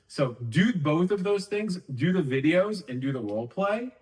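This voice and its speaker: A man's voice: mid-range voice, expressive, moderate pace, recorded from a distance, poor audio. A man giving a casual sales-training talk, conversational and emphatic with rambling asides.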